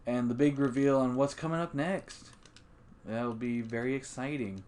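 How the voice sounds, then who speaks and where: A man's voice: medium pitch, normal speed, a little mellow. A man giving casual, rambling commentary while playing a farming game, swearing often and laughing at himself. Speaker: let's play gamer.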